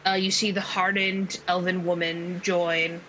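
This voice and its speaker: Brief: woman game master, slow, rambling narration, faint noise behind. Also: on the low side, flat delivery, sharp tone, poor audio. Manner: unhurried, with many fillers and restarts.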